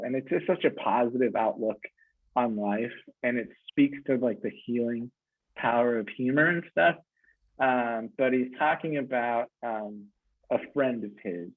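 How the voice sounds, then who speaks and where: Male comic storyteller, halting, filler-heavy delivery, mid-pitched voice, phone-line radio sound. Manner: halting, lots of fillers, switches from frank to joking.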